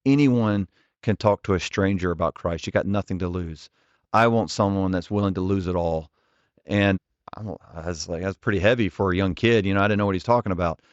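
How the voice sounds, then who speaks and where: Man, 40s, ministry leader guest, earnest and direct, low voice, dry dull podcast sound. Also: a little fast, no room sound. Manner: earnest, direct, frequent restarts. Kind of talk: conversational interview storytelling.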